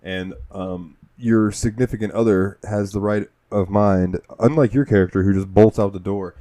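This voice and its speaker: A man's voice: lowish voice, fairly even intonation, normal speed, dark tone, dry recording. A man co-hosting a casual gaming podcast, laughing often and retelling the game with quoted voices. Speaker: podcast co-host.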